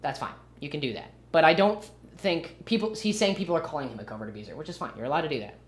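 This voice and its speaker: A man's voice: a little high, lively intonation, quick pace. A young man streaming and commenting casually, with a rambling, sarcastic manner. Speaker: livestreamer.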